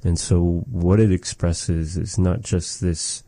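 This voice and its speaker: A man giving a relaxed spoken language lesson, measured and thoughtful, with many pauses and fillers. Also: deep voice, creaky, dry recording. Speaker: language teacher.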